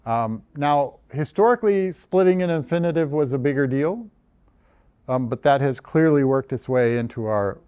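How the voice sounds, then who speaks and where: A man's voice: mid-range voice, expressive, moderate pace, darkish tone, smooth. A man from the United States, a journal editor, giving a conversational lecture over slides with frequent ums and restarts. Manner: conversational, self-deprecating, many ums and restarts.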